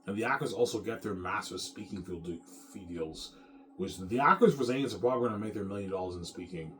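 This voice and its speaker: A man's voice: on the low side, fast, fairly bright tone, a little hiss or hum. A man in an off-the-cuff monologue, boastful and repetitive, often adding "man".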